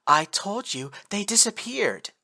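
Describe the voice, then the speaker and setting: A man's voice: high voice, big pitch swings, unhurried, gravelly, bright, forceful tone, pitched above the performer's own voice, full character voice. A man voicing a tough female space marine sergeant who speaks in clipped, matter-of-fact lines. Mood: brisk.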